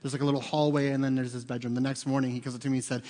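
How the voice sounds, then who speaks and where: A man in his forties, a pastor preaching a sermon in a church, telling stories conversationally and getting loud and excited to make a point. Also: mid-range voice, racing, a faint crowd, slight background noise. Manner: conversational storytelling, rising loud and excited for emphasis. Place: church sanctuary. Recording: long hall reverb.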